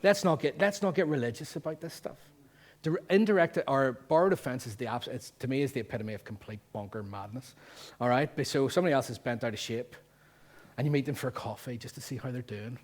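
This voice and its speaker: A man with a Northern Irish accent preaching a sermon as pastor, lively and jokey, full of rhetorical questions. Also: medium pitch, fast talker. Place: church.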